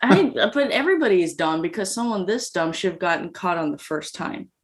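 A woman's voice: lowish voice, big pitch swings, fairly quick. Woman co-host with dry teasing remarks. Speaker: podcast co-host. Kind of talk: casual chat, reading news aloud.

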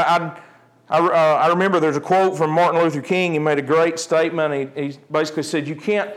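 Animated preacher, man. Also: fairly high pitch. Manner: animated preaching, jokey asides, drops to quiet earnest tones. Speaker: pastor. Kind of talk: sermon.

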